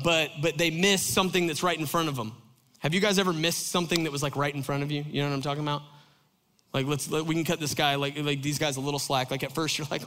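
A man preaching in a loose, chatty way, full of fillers and jokey asides aimed at the congregation. His voice sits a little high and sounds bright and sharp. A long reverb from the church hall trails every phrase. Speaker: pastor. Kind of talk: conversational sermon.

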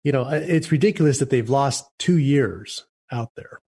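A man's voice: mid-range voice, normal speed, mellow, slightly rough. A man hosting a radio talk show, blunt and jokey in his opinions.

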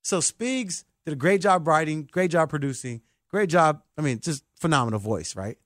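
A man hosting a sports talk show, excitable and emphatic like a hyped fan. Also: a little high, moderate pace, no echo, clean studio sound. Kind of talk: animated sports podcast talk.

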